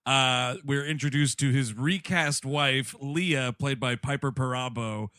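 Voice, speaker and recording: A man co-hosting a comedy movie podcast, riffing with profane, animated banter. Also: mid-range voice, a little slow, dry recording, studio quality. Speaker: podcast co-host.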